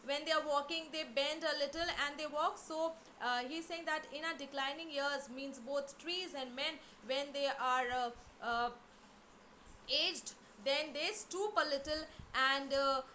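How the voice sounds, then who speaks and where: A middle-aged woman teacher, explaining a poem to her class slowly, with many fillers and repeated words. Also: high voice, pushed and bright, slight background noise. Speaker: English teacher.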